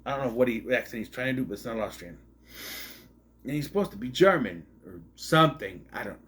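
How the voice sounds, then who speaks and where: A man's voice: medium pitch, lively intonation, fast, fairly bright tone. A man giving a casual, rambling movie review with sarcastic asides and frequent restarts.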